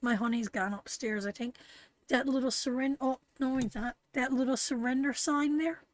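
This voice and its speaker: A woman with a Canadian accent giving a live tarot reading, talking slowly and tenderly, repeating phrases and getting emotional. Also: a little high, no echo. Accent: Canadian English. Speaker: tarot reader.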